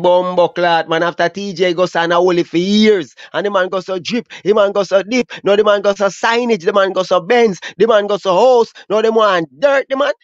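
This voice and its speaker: A man with a Jamaican accent, host of a dancehall news channel, giving lively commentary on a clip in slang-heavy street talk with frequent exclamations. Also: sits high, dry recording, muffled recording.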